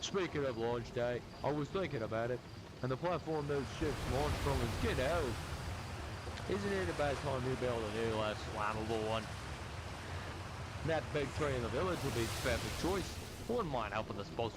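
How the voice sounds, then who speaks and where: A man's voice: medium pitch, expressive, normal speed, heavy background noise, close to an everyday voice. A man voicing a laid-back male alien villager with a put-on Australian accent, offhand and teasing.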